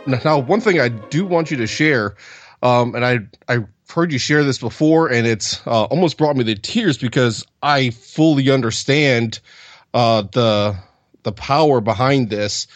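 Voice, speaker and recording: A man hosting an interview, asking questions haltingly with many ums and uhs. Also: mid-range voice, dry recording, soft background music. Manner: halting, lots of um and uh. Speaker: interview host. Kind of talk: conversational interview.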